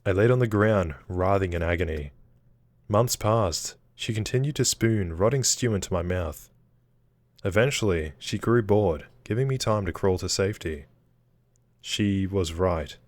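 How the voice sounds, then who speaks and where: A man reading a horror visual novel aloud, breaking off for excited reactions. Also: low-pitched, a little slow, no room sound. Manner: reads game text, breaks off with excited reactions. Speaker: gaming video creator.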